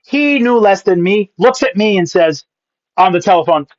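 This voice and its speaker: Animated, slightly high-voiced man spinning a comic story. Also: no room sound. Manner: animated, punchy comic delivery with quick asides. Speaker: guest, pastor and comedian. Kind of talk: comic storytelling in a podcast interview. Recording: dull, dry lo-fi sound.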